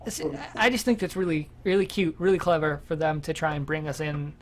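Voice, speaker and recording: A podcast co-host with a mid-range voice, chatting casually about video games. The delivery is animated and loose, with swearing dropped in freely. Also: mid-range voice, a little fast, a little hiss or hum. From United States. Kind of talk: casual gaming chat.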